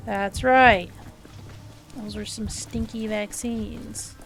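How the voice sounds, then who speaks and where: A woman's voice: mid-range voice, steady tone, drawn-out words, faint music behind. A woman streaming a video game, chatting as she plays, thinking aloud and reading the game's dialogue out. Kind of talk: live gameplay commentary.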